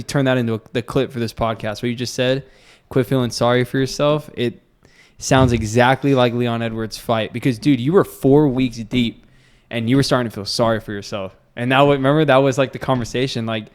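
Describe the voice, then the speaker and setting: Animated male podcast host, smooth voice. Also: medium pitch, fairly quick. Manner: animated storyteller, acts out quotes loudly. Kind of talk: casual podcast chat.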